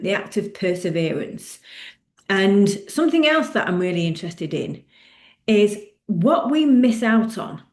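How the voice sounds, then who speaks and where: A woman's voice: medium pitch, a little mellow, echoey room. A middle-aged woman coach talking candidly and reflectively on a coaching call, often laughing. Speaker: running club coach.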